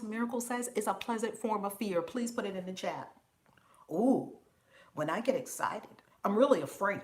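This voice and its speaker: A woman hosting a live stream as a spiritual teacher, talking casually and with animation, laughing often and calling out viewers by name. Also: mid-range voice.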